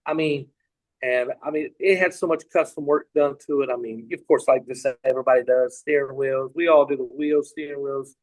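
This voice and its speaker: A podcast guest, a middle-aged man from Tennessee, rambles casually through a lengthy anecdote with many restarts and asides. He has a medium-pitched voice with fairly even intonation and normal speed, captured on a rough recording.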